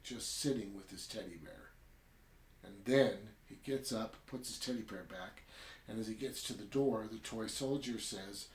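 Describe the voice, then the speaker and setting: Chatty man with a roomy echo. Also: on the low side. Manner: chatty, rambling, keeps adding "right?". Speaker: podcast host. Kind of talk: casual story recap and review.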